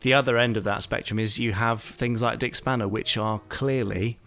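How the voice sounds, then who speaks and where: Man with a lowish voice, guest on a podcast, hesitant and thoughtful. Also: steady tone, moderate pace, fairly bright tone. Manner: thoughtful, hesitant with many ums. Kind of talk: casual podcast talk.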